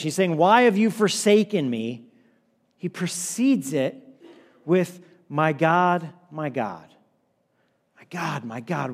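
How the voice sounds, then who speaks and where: A man preaching a sermon as pastor, earnest and repetitive, sometimes dropping his voice low and quiet for emphasis. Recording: long hall reverb.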